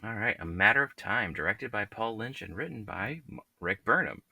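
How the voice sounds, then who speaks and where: A man's voice: on the low side, lively intonation, moderate pace, vocal fry, pushed and bright, no echo. A man in his thirties co-hosting a podcast in casual chat, with brief, matter-of-fact remarks. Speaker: podcast co-host.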